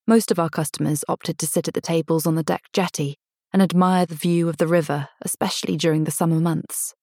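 Low-voiced woman reading a first-person story. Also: steady tone, a little fast, a little mellow, no echo, clean studio sound. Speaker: audiobook narrator. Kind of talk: first-person scripted narration.

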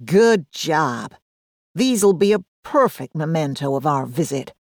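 A woman's voice: low-pitched, big pitch swings, unhurried, no echo, studio quality, full character voice. A woman voicing a stout, friendly American male tourist with a drawling American accent, polite and upbeat.

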